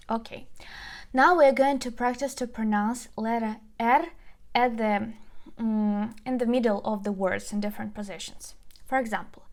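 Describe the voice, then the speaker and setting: A young adult woman from Ukraine with a Ukrainian accent, a language teacher slowly coaxing listeners to repeat sounds in a pronunciation lesson. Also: on the high side. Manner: slow, coaxing, drills sounds aloud.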